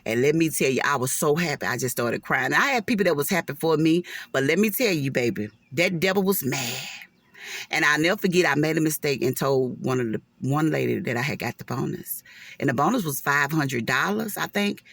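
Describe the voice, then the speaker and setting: Animated woman telling a storytime. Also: sits low, brisk, no room sound. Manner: animated, emotional, churchy asides to viewers. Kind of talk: casual storytime vlog.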